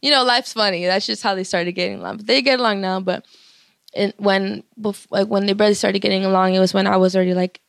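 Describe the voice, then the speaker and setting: A woman's voice: medium pitch, steady tone, quick pace, gravelly, no room sound, studio quality. A young woman rapper in her twenties telling a story casually, full of swearing, fillers and laughter. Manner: loose, profane, many fillers, laughs often.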